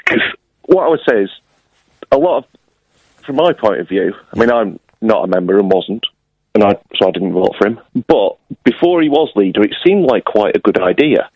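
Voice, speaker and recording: A man's voice: fairly low pitch, moderate pace, slightly rough, dry recording. A man calling in to a radio show, joking dryly and chatting casually about politics. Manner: wry, deadpan joking. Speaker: caller. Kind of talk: casual phone-in chat. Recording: dull phone-line sound.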